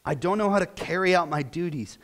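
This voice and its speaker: A man's voice: high voice, fairly quick, a bit bright, a little hiss or hum. A male pastor preaching a sermon in a church, emotional and close to tears as he prays aloud. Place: church sanctuary.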